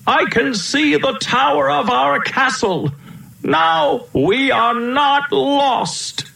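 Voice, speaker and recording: A man's voice: medium pitch, big pitch swings, slow pace, gravelly, fairly bright tone, heavily acted. A man voicing a brave, eager young elephant prince, in a roomy-sounding recording. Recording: roomy echo.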